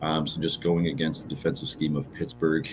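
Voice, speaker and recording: A man co-hosting a casual fantasy football show, relaxed and joking, with plenty of fillers. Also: very deep voice, fairly quick, music in the background, rough recording. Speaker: podcast co-host. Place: podcast studio.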